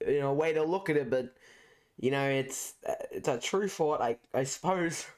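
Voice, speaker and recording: A man's voice: mid-range voice, normal speed, darkish tone. A young man co-hosting a school podcast, agreeing hesitantly with lots of fillers. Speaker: podcast co-host. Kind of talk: casual school podcast chat.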